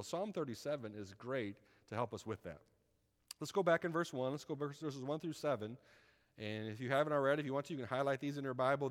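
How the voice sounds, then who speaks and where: A man's voice: mid-range voice, big-room sound. A man preaching a sermon in a folksy, conversational way, often asking his listeners "right?".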